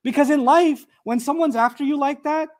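A man giving a Quran commentary lesson, animated and full of rhetorical questions, reciting Arabic verses between his explanations. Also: very high voice, normal speed. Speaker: Quran teacher. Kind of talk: tafsir lecture.

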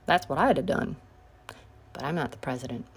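A woman's voice: extremely low pitch, animated, fairly quick, creaky, husky. A woman giving casual political commentary, sarcastic and combative, pushing her voice up sharply on her biggest points.

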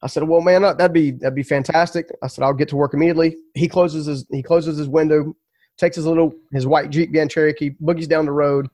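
A man's voice: fairly high pitch, fairly even intonation, brisk, a little mellow, dry recording, clean studio sound. A man telling his story as a podcast guest, earnest and emphatic, often repeating words.

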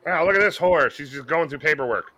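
A man co-hosting a podcast, reacting to a film with animated, wisecracking remarks. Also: a little high, fast talker, a little hiss or hum. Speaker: podcast co-host. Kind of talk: casual movie watch-along chat.

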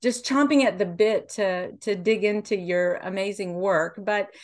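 A woman from Kentucky hosts an interview show. She talks with gushing, effusive enthusiasm, repeating how glad she is. Her voice sits at an ordinary middle pitch. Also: unhurried. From Kentucky, USA. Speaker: podcast host. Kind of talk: enthusiastic podcast introduction and interview.

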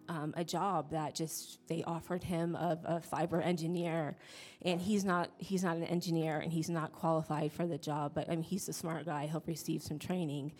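A woman giving a church testimony, hesitant and emotional, with many pauses and fillers. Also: low-pitched, darkish tone. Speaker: congregation member giving testimony.

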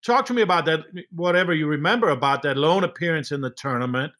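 A man's voice: fairly high pitch, quick pace, fairly bright tone. A man hosting a podcast, asking his guest questions in a friendly, casual way. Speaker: podcast host. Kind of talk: casual interview.

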